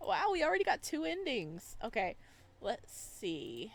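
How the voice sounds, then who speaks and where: A woman's voice: fairly high pitch, wildly swooping pitch, slow pace, creaky. A woman playing a visual novel and commenting casually, laughing often and joking sarcastically. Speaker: gamer. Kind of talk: let's play commentary.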